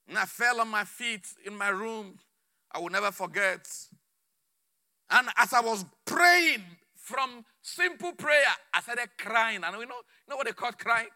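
A man preaching a sermon with fervor, repeating phrases and swinging between shouts and low murmurs. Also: measured pace.

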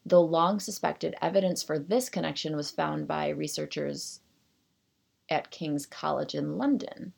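A woman hosts her own podcast alone, reading from an article and wandering off into self-deprecating tangents. Her voice sits low, with a gravelly fry running through it. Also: a little slow, darkish tone. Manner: self-deprecating, rambling asides between read passages. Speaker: podcast host. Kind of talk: solo podcast chat, reading an article aloud.

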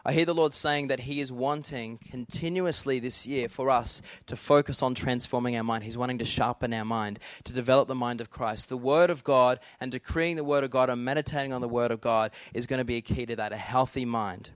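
A man's voice: medium pitch, fairly even intonation, brisk, hardly any pauses, no room sound. A middle-aged man preaching a sermon in an earnest, conversational way, talking directly to the congregation. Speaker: pastor.

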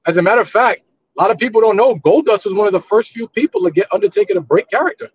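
A man's voice: high-pitched, racing. A man co-hosting a podcast, chatting casually and swapping stories. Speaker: podcast co-host. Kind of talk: casual wrestling chat. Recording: dull lo-fi mic with faint hiss.

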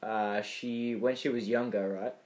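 A man's voice: mid-range voice, flat delivery, unhurried, a little mellow. A young Australian man co-hosting a podcast, telling rambling stories in casual chat and acting out other people's voices. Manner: rambling storyteller, acts out voices. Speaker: podcast co-host.

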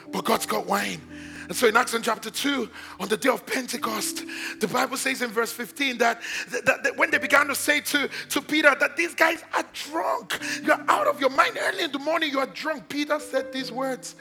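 A man preaching a sermon as pastor, in a sing-song cadence that repeats phrases and builds to shouts. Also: sits high, creaky.

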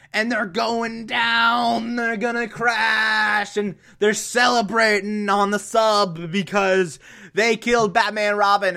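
A man's voice: high voice, pushed and bright. A man giving a sarcastic, rambling comedic movie recap, laughing at his own jokes.

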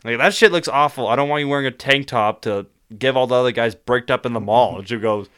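A man's voice: medium pitch, fast, a bit bright, clear, resonant tone. A young man hosting a podcast, telling stories in a casual chat with lots of fillers and laughter. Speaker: podcast host.

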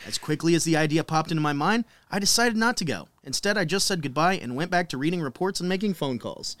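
A man leading the story on a chat podcast, reading quotes aloud and breaking up with laughter. His voice sits a little high for a man. The sound is close and dry. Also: lively intonation, fast talker, a bit bright, no room sound. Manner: laughing, reads quotes with wry asides. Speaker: podcast co-host.

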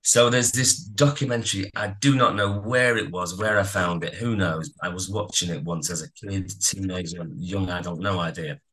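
A man co-hosting a casual music podcast, telling stories in a rambling, animated way. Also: sits low, normal speed, few pauses. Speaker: podcast co-host. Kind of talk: casual chat about music.

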